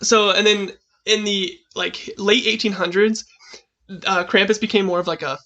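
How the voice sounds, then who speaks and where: A young man with a high, light voice co-hosts a casual podcast. He tells a story loosely, laughs often and drops into brief silly character voices as he goes. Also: fairly even intonation, moderate pace, bright, forceful tone. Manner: laughs often, acts out short goofy voices mid-story. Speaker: podcast co-host. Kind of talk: casual chat.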